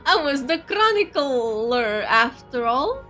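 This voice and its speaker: A fairly high-voiced woman streamer whose first language is Portuguese reads a visual novel aloud, breaking off for chatty, giggly asides to her viewers. Faint game music plays underneath her voice. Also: very animated, takes it slowly, sharp tone. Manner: chatty, giggly, switches between reading and asides.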